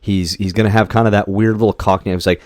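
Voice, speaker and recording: A man's voice: on the low side, little pitch movement, quick pace, no room sound, studio quality. A man co-hosting a movie podcast, chatting casually in a rambling, profane way with many restarts. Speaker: podcast co-host. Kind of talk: casual chat.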